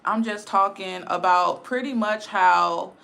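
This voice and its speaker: A woman's voice: mid-range voice, slow pace, vocal fry, a bit bright. A woman giving a blunt, emphatic casual livestream rant, repeating her points. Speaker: live streamer.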